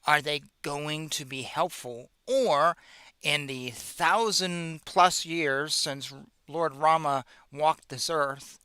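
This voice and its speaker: A man's voice: fairly high pitch, slow pace, pushed and bright, clean tone, no echo. A man hosting a show, retelling an ancient epic in a casual, slangy, joking way. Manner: slangy, joking, with playful asides. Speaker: host. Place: in America.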